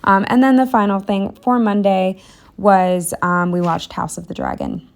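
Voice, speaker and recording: A woman's voice: mid-range voice, very animated, normal speed. A young woman narrating a planner vlog in a candid, rambling, self-deprecating way, slightly out of breath. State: a bit out of breath. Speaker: planner vlogger. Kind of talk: casual voice-over narration.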